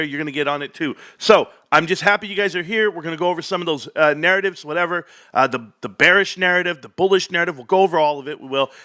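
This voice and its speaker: A man with a bright, fairly high voice hosts a casual stock livestream from his home. He talks straight to his viewers in an easygoing, chatty way, keeping the talk loose and conversational. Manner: chatty, addresses viewers directly. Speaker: livestream host.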